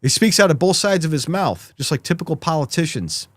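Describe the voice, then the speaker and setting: A man's voice: fairly high pitch, lively intonation, fairly quick, no room sound. A man hosting a live political commentary show, talking sarcastically and mockingly to his viewers.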